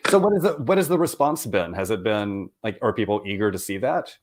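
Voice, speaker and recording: Low-voiced man hosting with wry teasing. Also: lively intonation, fairly quick. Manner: teasing, wry, loosely worded questions. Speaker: interview host. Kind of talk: casual interview.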